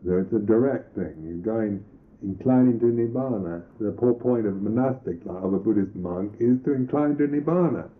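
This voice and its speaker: A Buddhist monk teacher giving a reflective meditation talk, pausing and restarting his phrases often. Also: lowish voice. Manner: slow, reflective, halting with restarts. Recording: tinny lo-fi old recording.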